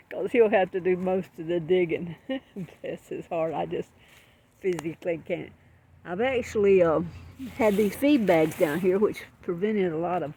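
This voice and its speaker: Older Southern US woman gardener, homespun rambling talk, gravelly and mellow, muffled outdoor recording. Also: on the low side, slight background noise. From Southern United States. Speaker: garden vlogger. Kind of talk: casual garden vlog.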